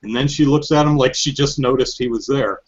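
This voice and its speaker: A man hosting a podcast in casual chat, telling stories in an animated, joking way. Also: mid-range voice, a little fast, muffled recording. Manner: animated, joking storytelling with frequent laughs. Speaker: podcast host.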